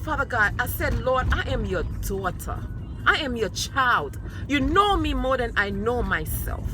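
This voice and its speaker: A woman's voice: on the high side, big pitch swings, measured pace, music in the background. A woman sharing her personal testimony with emphatic, repeated declarations, speaking of her faith and her sons. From New York.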